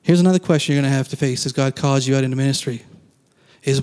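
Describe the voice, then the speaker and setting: A man's voice: mid-range voice, steady tone, fast, a little mellow, long reverb tail. A man giving a casual, conversational sermon as a pastor, acting out quoted lines and laughing now and then.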